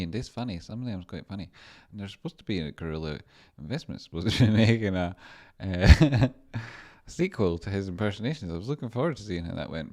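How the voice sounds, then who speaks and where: Low-voiced man rambling on stream. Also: darkish tone. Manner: rambling, chatty, reads out and answers chat. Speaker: livestream host doing stock chart analysis. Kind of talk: casual live-stream chat.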